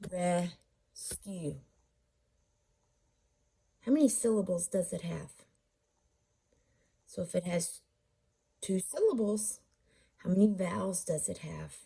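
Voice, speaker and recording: A woman's voice: mid-range voice, creaky, mellow, slightly rough. A woman teaching a phonics lesson, patiently walking through how to code words and asking questions before answering them herself. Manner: sounds out syllables slowly. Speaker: reading teacher.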